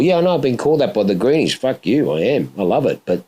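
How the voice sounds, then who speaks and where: A middle-aged man hosting a podcast, telling stories in a casual, heavily profane and animated way. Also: medium pitch, fast, slightly rough. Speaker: podcast host. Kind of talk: casual chat.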